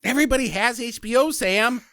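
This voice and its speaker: A man hosting a podcast in casual chat, animated and joking, with silly sound effects. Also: very high voice, fairly quick, clear, resonant tone, no echo, clean studio sound. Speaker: podcast host.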